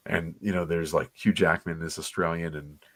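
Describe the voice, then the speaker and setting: A man's voice: low-pitched, steady tone, normal speed, a bit bright, breathy edge, dry recording. A man co-hosting a comics livestream, giving rambling, enthusiastic, nostalgic commentary on an old cartoon. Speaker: comics podcast co-host.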